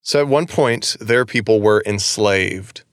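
A man's voice: on the low side, unhurried, dry recording, clean studio sound. A man co-hosting a podcast, recapping a book in casual chat; he rambles, laughs and swears casually.

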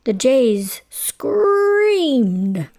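A woman hosting a children's story hour, reading a bedtime tale in a slow, sing-song, drawn-out way and asking playful questions of her young listeners. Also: sits high, big pitch swings, darkish tone.

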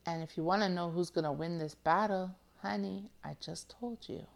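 A woman's voice: lowish voice, normal speed, creaky. A woman hosting a motivational podcast, playful and affectionate, coaxing her listeners with repeated check-ins. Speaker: podcast host.

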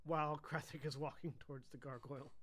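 A man's voice: on the high side, steady tone, fast, fairly bright tone. A man playing a tabletop game, chatty and laughing often. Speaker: player. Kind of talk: casual tabletop game talk.

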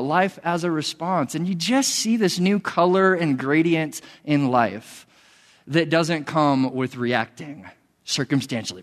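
A young man gives a relaxed, conversational sermon, joking at his own expense and speaking openly. His voice sits a little high for a man. The sound carries a long reverb, as if he were speaking in a large hall. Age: young adult. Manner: candid, self-mocking, conversational. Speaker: pastor. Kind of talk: casual sermon.

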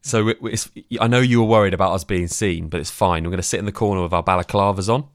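A man's voice: low voice, fast talker, no room sound, clean studio sound. A man co-hosting a podcast, easygoing and joking in casual chat. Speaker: podcast co-host.

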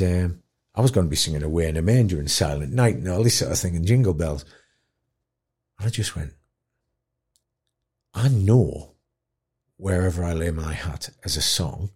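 A man telling a moving story in an interview, acting out other people's voices and dropping to a hush at tender moments. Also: deep voice, normal speed, husky. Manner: animated storyteller, acts out voices, drops to quiet. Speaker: guest, dementia campaigner. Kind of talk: storytelling in conversation.

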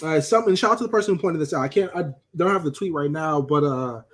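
A man's voice: on the high side, quick pace, fairly bright tone. A man co-hosting a podcast, rambling in laid-back casual chat. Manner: rambling, many fillers and restarts, laid-back. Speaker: podcast co-host.

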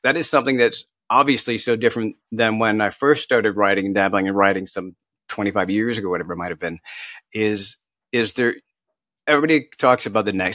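A man's voice: fairly low pitch, a bit bright, dry recording. A middle-aged man, an author guest in a casual interview, chatty and self-deprecating, laughing often as he tells anecdotes. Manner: tells anecdotes with quoted asides.

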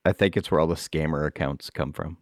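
A man's voice: very deep voice, a little fast, a little mellow. A man co-hosting a podcast in casual chat, blunt and crude with jokes. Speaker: podcast co-host.

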